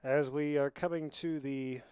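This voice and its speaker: A man commentating on a school rugby match from a booth, chatty and rambling, with excited bursts when play picks up. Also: on the high side, a little slow, clean tone, dry recording. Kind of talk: amateur sports commentary.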